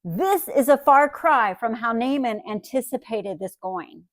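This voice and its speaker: A woman's voice: on the high side, animated, measured pace, few pauses, no echo, studio quality. A woman Bible teacher giving a conversational teaching talk, often checking in with listeners by asking "right?".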